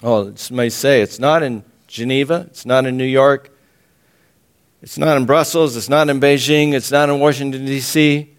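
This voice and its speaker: A man's voice: medium pitch, steady tone, moderate pace. Emphatic man preaching a sermon. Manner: emphatic, repeats phrases, clears throat often, chuckles. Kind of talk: sermon, Bible teaching.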